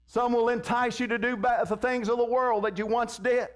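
A man preaching with a strikingly high voice that keeps climbing. He repeats phrases and drops in amens as he drives his sermon, and often calls out "hello?" to the congregation. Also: brisk, few pauses. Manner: fervent, repetitive preaching with frequent amens and call-outs. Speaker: pastor.

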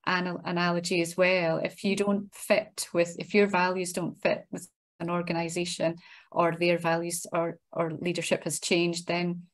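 A woman's voice: on the low side, completely flat delivery, moderate pace. A middle-aged woman with a Scottish accent, chatting easily as an interview guest and often restarting her words. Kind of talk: casual interview chat.

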